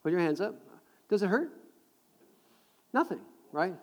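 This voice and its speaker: A middle-aged man preaching a sermon to a live congregation, animated and jokey, repeating words as he builds a point. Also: high voice, measured pace. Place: large hall with audience. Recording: long hall reverb.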